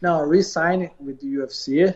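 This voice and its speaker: A man from Brazil with a Brazilian Portuguese accent, answering interview questions in halting, repetitive English. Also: a little high, darkish tone, muffled recording. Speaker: professional fighter.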